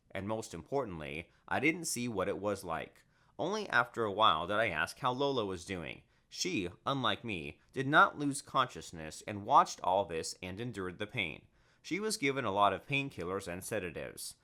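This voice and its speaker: A man giving scripted first-person narration for an animated story, in a lively, animated way. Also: on the low side.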